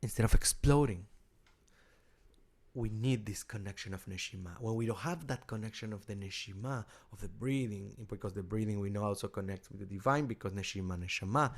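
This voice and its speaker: A middle-aged rabbi and cantor with an Argentine Spanish accent gives an informal teaching talk in a fairly low voice. He halts often, repeating words as he restarts.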